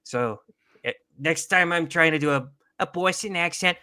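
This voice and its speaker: Bright-voiced man in casual stream banter. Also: on the high side, normal speed, dry recording, studio quality. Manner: joking, swears freely, slips into loud accent impressions. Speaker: podcast co-host. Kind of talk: casual livestream chat.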